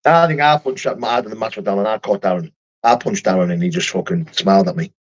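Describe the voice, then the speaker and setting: Low-pitched and fast, this young man fights for a living and comes from the United Kingdom. The muffled recording has him chatting casually on a livestream, working through viewer comments in a rambling, profane manner with many restarts.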